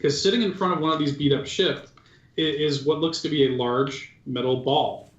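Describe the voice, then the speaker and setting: A man's voice: a little high, steady tone, normal speed. A man narrating as game master of a tabletop game, in a casual, loose way with many fillers. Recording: dull, roomy recording.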